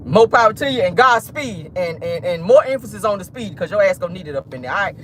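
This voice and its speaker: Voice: mid-range voice, animated, fast talker, slight background noise. A vlogger and host giving sassy celebrity gossip commentary from a car, laughing often.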